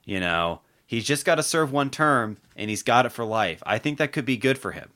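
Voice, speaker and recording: A man's voice: mid-range voice, lively intonation, normal speed, bright, forceful tone. A man hosting a podcast in casual political chat, rambling with lots of fillers and restarts. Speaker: podcast host.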